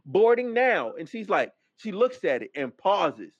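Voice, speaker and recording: A man hosting a podcast, telling a story as a casual rant, animated and profane, acting out the other people's lines. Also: a little high, measured pace, breathy edge, no echo. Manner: animated, profane, acts out quoted dialogue. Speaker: podcast host. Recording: dull, dry lo-fi mic sound.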